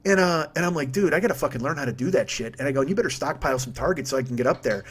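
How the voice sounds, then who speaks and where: A man's voice: mid-range voice, very fast, slightly rough. A man hosting a comedy podcast from home, ranting in a rambling, profane, self-mocking way. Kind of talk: comic rant monologue.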